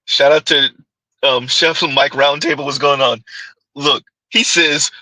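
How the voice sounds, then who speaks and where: Male host, bright, sharp tone, mocking commentary style. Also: fairly high pitch, takes it slowly, no room sound, rough recording. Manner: mocking, keeps asking "Huh?". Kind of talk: reaction commentary.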